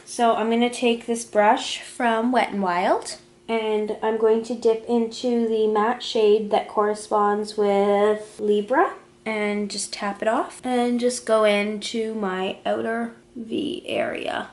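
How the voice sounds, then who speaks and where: A woman's voice: fairly high pitch, fairly even intonation, slow pace, darkish tone. A woman casually talking through a makeup tutorial, describing each step as she applies it. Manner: chatty, talks through each step while applying makeup. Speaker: beauty vlogger. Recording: echoey room.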